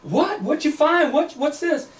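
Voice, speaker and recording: A man playing an eager, excitable young man who is thrilled by what he finds. The voice is high and sounds roomy and distant. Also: moderate pace. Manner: excitable, quoted in a storyteller's voice. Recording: echoey room, distant mic.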